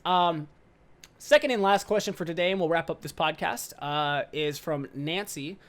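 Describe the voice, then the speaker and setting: A young man in his twenties hosting a casual podcast, rambling in loose slang with casual swearing and an upbeat, excitable manner. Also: on the high side, normal speed. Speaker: podcast host.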